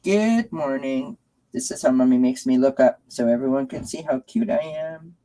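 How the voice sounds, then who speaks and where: A woman speaking for her young cat, who shows off how cute he is, in a slow sing-song voice. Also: extremely low pitch, mellow, rough recording. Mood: proud.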